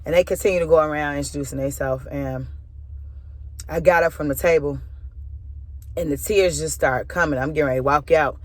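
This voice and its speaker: A woman's voice: sits low, brisk, long pauses, no echo. Woman, spoken word minister, candid personal storytelling, casual fillers, close dry sound. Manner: casual, loose, lots of "or whatever" fillers; candid, emotional retelling.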